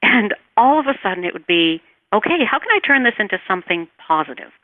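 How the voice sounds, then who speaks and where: A woman teaching meditation in an interview, speaking calmly and soothingly, and her voice trails off softly as she guides the breathing. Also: mid-range voice, fast talker, dry recording. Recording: tinny phone line, dry.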